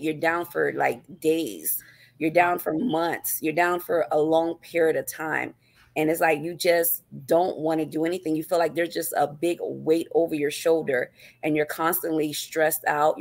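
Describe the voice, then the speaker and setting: A woman's voice: low-pitched, vocal fry. A woman author, a guest in an interview, speaking earnestly and reflectively about her own past, often repeating phrases. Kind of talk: personal interview talk.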